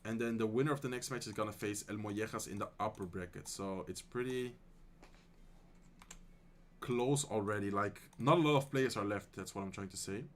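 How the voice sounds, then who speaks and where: A Dutch man streaming live, calling an esports match in English with a Dutch accent, then answering chat in a relaxed, friendly way. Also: fairly low pitch. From Netherlands. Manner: excited fast play-by-play calls that give way to relaxed, soft chat replies. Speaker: streamer and tournament caster.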